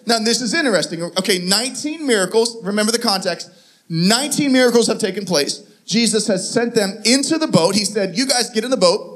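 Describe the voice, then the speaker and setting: A male pastor preaching a sermon, telling stories with lively acted-out voices and frequent laughs. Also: high-pitched, a little fast. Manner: animated storytelling, acts out voices, laughs often.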